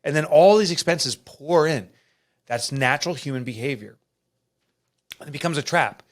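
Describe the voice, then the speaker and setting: A middle-aged man, an author and podcast guest, telling a personal story in an earnest, emotional and animated way. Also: on the high side, moderate pace. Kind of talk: candid storytelling interview.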